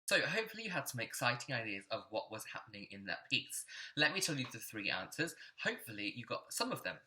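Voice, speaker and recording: A man teaching an online music lesson in a clear, encouraging teacherly way, sometimes chanting rhythms aloud. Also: mid-range voice, big pitch swings, quick pace, bright, forceful tone.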